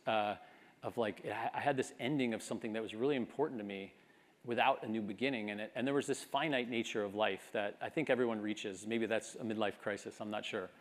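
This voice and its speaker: Earnest man in his fifties giving a speech. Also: on the low side. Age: 50s. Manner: earnest, reflective, building to exhortation. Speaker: commencement speaker. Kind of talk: graduation speech.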